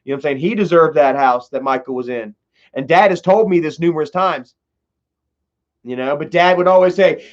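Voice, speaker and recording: A man's voice: on the high side, fairly quick. Rambling, profane man. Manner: profane, rambling, heavy fillers. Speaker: livestreamer telling a family story. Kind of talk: casual storytelling livestream. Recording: dull lo-fi livestream audio.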